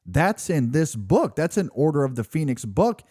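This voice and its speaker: A man's voice: a little high, sing-song, moderate pace, mellow, dry recording, clean studio sound. A man co-hosting a film podcast, talking casually and rambling through his thoughts with frequent restarts and fillers. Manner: rambling, restarts often, says "like" and "you know". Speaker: podcast co-host.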